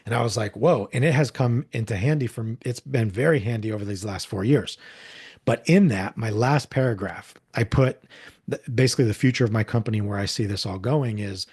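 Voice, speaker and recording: Earnest husky-voiced man telling stories. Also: fairly low pitch, a little fast. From upstate New York. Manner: earnest, heartfelt, animated. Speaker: podcast guest. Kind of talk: casual conversational storytelling.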